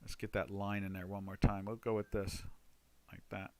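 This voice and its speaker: Low-voiced man talking markets. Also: little pitch movement, moderate pace, darkish tone, dry recording. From United States. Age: older. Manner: rambling, many fillers and restarts. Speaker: trading webinar host. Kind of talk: casual market commentary over charts.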